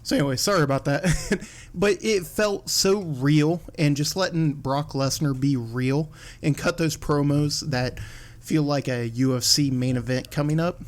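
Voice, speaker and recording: A man hosting a casual wrestling podcast from home, animated, swearing and laughing as he acts out what others said. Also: on the high side, measured pace. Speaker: podcast host.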